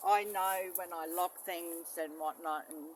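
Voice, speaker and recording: A vlogger, filming outdoors beside a van on a handheld phone, rambling and swearing, swinging between loud outbursts and low muttering. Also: fairly even intonation, measured pace, slight background noise. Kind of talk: rambling handheld vlog monologue. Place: outdoors beside a parked van near mangroves.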